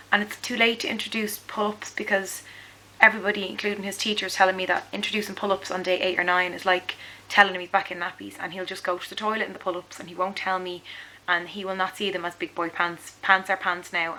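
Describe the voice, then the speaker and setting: A woman's voice: mid-range voice, pushed and bright, slight background noise, rough recording. A woman, a mother, chatting in a rambling video diary with lots of fillers. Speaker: mother vlogger.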